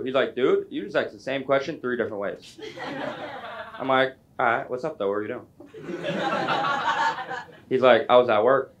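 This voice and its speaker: A young man doing a stand-up comedy set on a club stage, chatty and self-deprecating, with quick asides to the crowd. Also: medium pitch, muffled recording.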